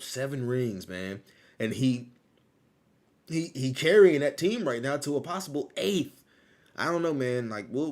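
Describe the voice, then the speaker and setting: A man hosting a casual livestream, talking loosely and repeating his phrases, still low on energy after an illness. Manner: loose, rambling, repeats phrases, laughs easily. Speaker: livestream host.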